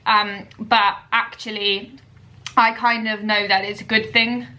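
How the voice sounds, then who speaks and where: Bright-voiced young woman vlogging candidly. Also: medium pitch, flat delivery, a little slow. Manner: open, confiding, hesitant with many ums. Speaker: dressage rider and vlogger. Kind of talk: candid vlog to camera.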